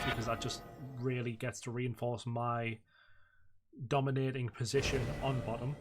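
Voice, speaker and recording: A young man in relaxed, casual commentary over his own gameplay, thinking aloud with plenty of "uh" and "like". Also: mid-range voice, background noise. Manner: relaxed, reflective, says "uh" and "like" often. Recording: loud game music behind voice. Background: loud game music and game announcer.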